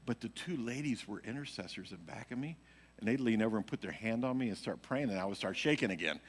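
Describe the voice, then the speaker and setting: Low-voiced man telling a church testimony. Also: animated, quick pace, breathy edge. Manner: rambling storytelling, heavy on fillers. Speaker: worship leader speaking at church. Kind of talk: casual personal testimony to a congregation. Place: church sanctuary. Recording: live church stream with long hall reverb.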